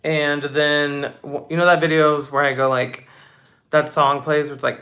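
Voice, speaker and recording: A woman's voice: deep voice, flat delivery, measured pace, a bit bright. Bubbly young woman hosting a live Q&A. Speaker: livestream host. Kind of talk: casual live Q&A, reading chat comments.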